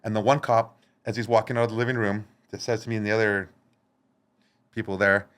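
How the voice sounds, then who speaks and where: A man guest on a studio podcast, telling a story in a casual, animated way, swearing and acting out what others said. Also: lowish voice, a little fast.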